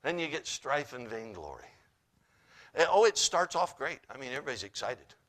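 A male pastor, preaching and telling a story, who swings between loud emphasis and hushed asides. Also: medium pitch, big pitch swings, brisk. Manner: laughs while telling the story. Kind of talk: sermon with storytelling.

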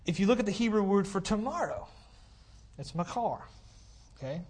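A man preaching to his congregation in a relaxed, talky way, repeating key phrases to drive them home. He speaks into a cordless mic in a church and keeps checking in with his listeners. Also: sits high, fairly quick. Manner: conversational preaching, checks in with "okay? all right?". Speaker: pastor. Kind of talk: sermon. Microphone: cordless handheld mic.

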